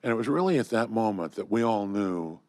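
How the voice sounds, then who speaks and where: A man's voice: on the low side, animated, brisk, a little mellow, dry recording. An older man from Southern California, a guest in a studio conversation, telling enthusiastic stories full of fillers and restarts. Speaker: interview guest. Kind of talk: storytelling in conversation.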